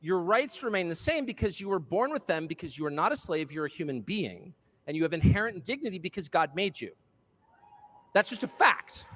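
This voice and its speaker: A man's voice: high voice, fairly bright tone. A man giving a political speech to a live audience, impassioned and sardonic, with mocking asides. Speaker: speaker addressing a live audience. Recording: long hall reverb.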